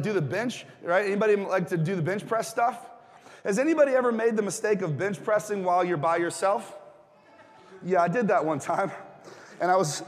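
A fairly high-voiced man preaches to his congregation in a loose, joking way, with filler words, and keeps asking them to answer back. His voice rings out with a long reverb tail from the church hall. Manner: casual, joking, asks the congregation questions. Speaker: pastor. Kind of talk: sermon.

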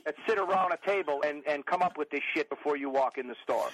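A man's voice: a little high, fast, a bit bright, slight background noise, poor audio. A middle-aged man, telling profane, rambling comic stories in a casual chat as a podcast guest.

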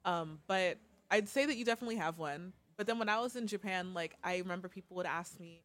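A young woman from the southern United States, co-hosting a podcast in a quick, chatty way. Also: on the low side, a bit bright. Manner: quick, chatty, swears casually. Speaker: podcast co-host. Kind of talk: casual chat.

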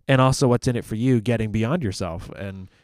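Guy from a church chatting about faith, kinda low voice, dry close sound, lots of um and restarts. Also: fairly quick, a little mellow, dry recording. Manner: conversational, thinks aloud with fillers and restarts. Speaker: church minister. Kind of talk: casual faith discussion.

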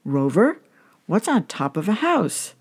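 A woman's voice: fairly low pitch, big pitch swings, measured pace, darkish tone, breathy edge, heavily acted. A woman voicing a pushy, pleading broke man at a bar in a told joke.

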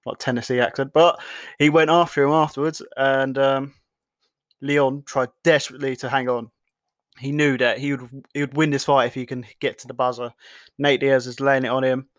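A young man hosts a podcast, delivering loose solo commentary full of swearing and frequently restarting his sentences. His voice sits at a medium pitch with a fairly bright tone, and there's no echo.

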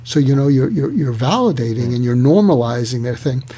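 A man's slightly rough, mid-range voice moves a little fast as he explains techniques, acting out dialogue examples. He's an animated author, a guest in a conversational interview.

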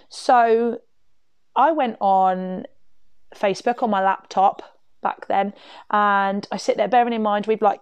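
A woman tells a long personal story to her viewers, wandering off on asides and piling up fillers as she goes. Her voice sits at an ordinary middle pitch for a woman. The recording is dry and close, with no room echo. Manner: chatty, rambling, full of fillers and asides. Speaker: vlogger. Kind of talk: casual storytime monologue.

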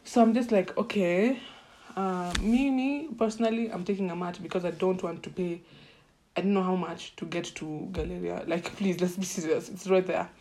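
A young Kenyan woman with a warm, mellow voice and a Kenyan accent. She tells stories casually and animatedly, playing out her own reactions as she goes. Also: lowish voice, moderate pace. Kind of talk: casual storytelling.

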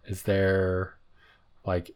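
Man, low voice, casual podcast chat, laughs a lot, filler-heavy. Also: monotone, extremely slow, darkish tone, clear, resonant tone. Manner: chatty, laughs often, lots of "like" fillers. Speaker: podcast co-host.

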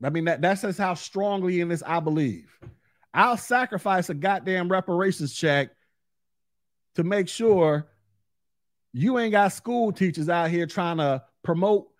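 A man's voice: sits high, expressive, measured pace, dry recording, studio quality. A man hosting his own opinion podcast, talking bluntly and profanely in a heated rant. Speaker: podcast host. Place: recorded in Florida.

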